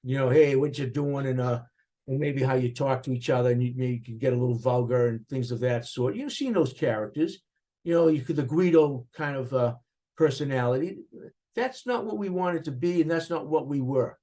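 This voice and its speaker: An older man with a Boston accent recalling his upbringing in an interview, animated and rambling, with frequent restarts. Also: mid-range voice, a little fast. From Boston area, USA. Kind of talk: reflective interview recollection.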